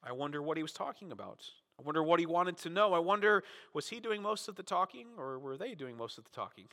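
A man preaching a sermon as pastor, talking conversationally, often adding "right?", and dramatizing quotes with sudden swings in loudness. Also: a little high, animated, brisk, few pauses. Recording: long reverb of a large hall.

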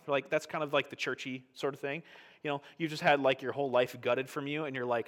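A middle-aged male pastor giving a conversational sermon, animated and often checking in with "right?". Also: mid-range voice, normal speed.

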